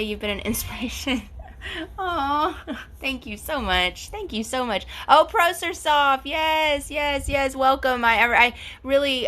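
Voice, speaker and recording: Bright-voiced woman in her forties. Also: mid-range voice. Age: 40s. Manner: chatty and effusive, reads out comments. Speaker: host. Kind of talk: casual live-stream chat.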